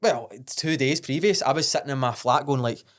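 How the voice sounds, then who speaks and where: A man's voice: mid-range voice, fairly quick. A young adult man with a Glaswegian accent, a podcast guest telling a story bluntly and earnestly, swearing freely and restarting his sentences. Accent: Scottish, Glaswegian. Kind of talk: casual storytelling.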